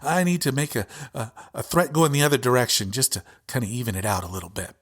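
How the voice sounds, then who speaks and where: A man's voice: medium pitch, fairly bright tone, voice pushed down, close to an everyday voice. A man mocking a rambling right-wing guy. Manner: mocking, hurried. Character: rambling male right-winger, mocked and sheepish.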